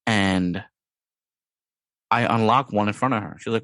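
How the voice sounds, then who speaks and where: A man with a fairly low voice hosting a podcast, chatting casually. He rambles and drops in playful sound-effect words as he talks. His voice is dry and close, with no room echo. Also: unhurried, a bit bright. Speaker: podcast host. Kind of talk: casual chat.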